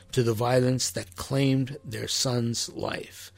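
A man delivering an impassioned sermon with a gravelly, somewhat husky voice. He presses his points with sharp emphasis. The sound is close and dry. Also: mid-range voice, unhurried, few pauses, no echo. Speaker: preacher.

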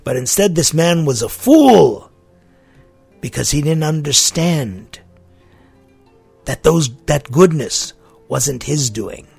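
A man preaching a sermon, emphatic and deliberate, repeating his key phrases for weight. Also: on the high side, big pitch swings, creaky, darkish tone, husky, no echo, faint music behind.

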